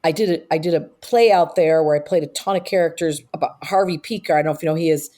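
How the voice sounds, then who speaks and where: Older woman guest, low-set voice, fast animated storyteller with lots of asides and fillers. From upstate New York. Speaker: guest, comedic actress. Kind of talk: casual interview chat.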